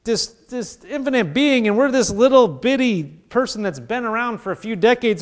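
A male pastor preaching a sermon in a conversational way, acting out little dialogues and dropping to hushed intensity. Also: very high-pitched, brisk, few pauses. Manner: animated preaching, acts out voices of God and people.

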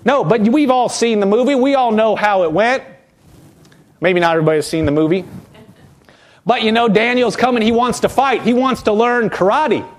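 A man preaching a sermon as pastor, lively and animated, acting out quotes from the people he talks about. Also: high voice, normal speed.

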